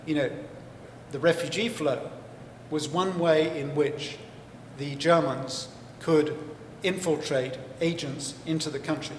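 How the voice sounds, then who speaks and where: A male author and historian, interviewed live on stage at a book festival, speaks in a fairly high voice. He gives long, considered explanations peppered with fillers and restarts. The sound is echoey with faint hall ambience and a slight hiss or hum.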